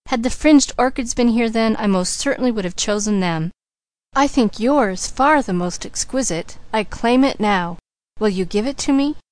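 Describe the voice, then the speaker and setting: A woman's voice: a little high, lively intonation, moderate pace, lightly acted. A woman reading the lines of an eager young man in an audiobook. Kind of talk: audiobook character voice.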